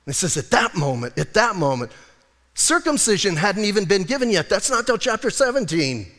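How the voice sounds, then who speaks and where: A man's voice: sits high, big pitch swings, a little fast, fairly bright tone. A male pastor preaching a sermon in a conversational way, teasing his congregation. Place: church sanctuary. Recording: long hall reverb.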